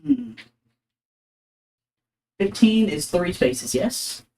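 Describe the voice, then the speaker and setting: A man's voice: sits high, very animated, very slow, vocal fry, mellow, roomy sound. A man playing a tabletop game, chatting casually and joking around. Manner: joking, laughs often. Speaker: player.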